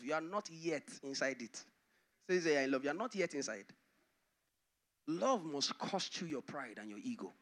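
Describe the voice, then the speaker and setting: A male pastor preaching a sermon, dramatically swinging from loud to hushed. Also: sits high.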